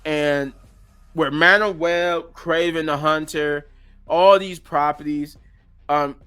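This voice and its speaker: A man's voice: fairly high pitch, fairly even intonation, slow pace, pushed and bright, clear, resonant tone, faint music behind. A man casually reviewing a movie on his channel, rambling with lots of restarts and offhand slang.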